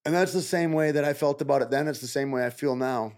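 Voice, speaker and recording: Animated middle-aged man telling stories. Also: quick pace. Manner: animated, acts out quoted dialogue with rising pitch. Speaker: podcast guest. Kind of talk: storytelling in a casual interview.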